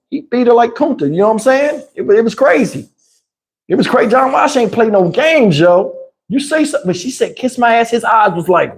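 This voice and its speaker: High-voiced man telling a rowdy story. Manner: animated, profane, laughs mid-story. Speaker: channel host. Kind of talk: livestream storytelling.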